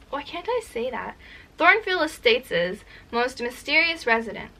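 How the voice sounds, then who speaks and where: Young woman in her 20s, slightly high voice, casual book-vlog chatter, stumbles when reading aloud. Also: sing-song, moderate pace, sharp tone, low-quality recording. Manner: chatty, self-deprecating, stumbles over words while reading aloud. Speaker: book vlogger.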